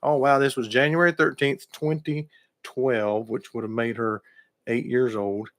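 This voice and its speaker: Middle-aged man, folksy radio host, friendly chat with listeners, mid-pitched voice. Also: little pitch movement, unhurried, fairly bright tone.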